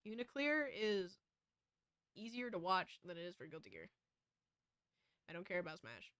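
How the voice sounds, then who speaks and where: A woman's voice: on the low side, big pitch swings, moderate pace, fairly bright tone, clear, resonant tone, no room sound, studio quality. A woman streamer with an American West Coast accent, chatting casually and rambling. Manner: rambling, with frequent fillers and restarts. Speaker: VTuber streamer. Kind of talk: casual chat.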